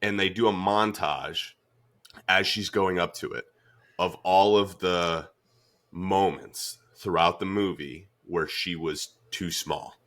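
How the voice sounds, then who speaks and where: A man hosting a podcast, retelling a story in a casual, animated way with lots of "like" fillers. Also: low voice, slow pace. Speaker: podcast host.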